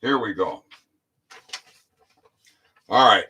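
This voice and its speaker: A man explaining his court filing to followers in a casual vlog, reading documents aloud and slowing down to stress key phrases, with frequent "all right?" check-ins. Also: medium pitch, animated, pushed and bright.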